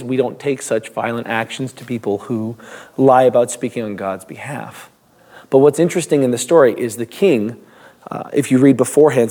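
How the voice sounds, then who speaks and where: Male pastor, mid-pitch, conversational devotional teaching, loose and unscripted. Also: mellow, husky. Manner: reads scripture, then talks loosely with restarts and small laughs.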